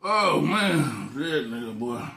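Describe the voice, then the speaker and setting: A man's voice: a little high, sing-song, takes it slowly, gravelly, pushed and bright. A man vlogging as he eats, telling loose, profane stories in a casual, rambling way. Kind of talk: casual storytelling while eating on camera. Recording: echoey room.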